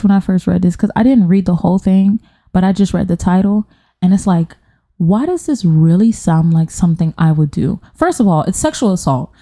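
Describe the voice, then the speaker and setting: A woman's voice: on the low side, animated, a little fast, mellow. Blunt, profane woman podcast host. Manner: blunt, profane, goes on tangents. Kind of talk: casual chat reading online stories aloud. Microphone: studio microphone.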